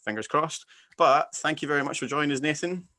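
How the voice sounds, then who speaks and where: A Scottish man hosting a casual film chat, giving emphatic, animated opinions. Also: fairly high pitch, brisk. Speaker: podcast host.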